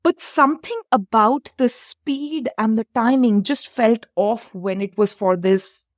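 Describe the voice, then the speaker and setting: A woman from India with an Indian English accent, talking through her questions in a thoughtful, measured way. Her voice sits fairly high, and the sound is dry and close to the mic. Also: dry recording. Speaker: host, economics professor. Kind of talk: interview conversation.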